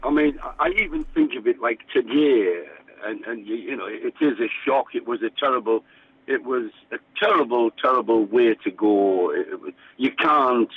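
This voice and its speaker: An older man from England, a former band musician, reminiscing in a radio interview, rambling with many fillers and restarts. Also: medium pitch. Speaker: guest musician. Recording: tinny phone-line radio sound.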